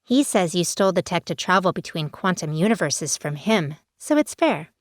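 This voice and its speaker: A woman voicing a bubbly, mischievous teenage werepanda girl in a storybook, whining and wheedling in a much higher, drawn-out voice. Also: animated, no room sound, clean studio sound, close to an everyday voice. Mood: pleading, teasing. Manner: whiny, wheedling and pleading.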